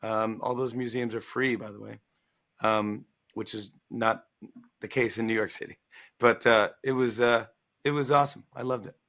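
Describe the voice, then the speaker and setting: With a voice on the low side and a moderate pace, a man in his forties tells a funny anecdote casually, acting out each quoted person's voice with animation. He is an author and talk show guest on a promotional livestream interview.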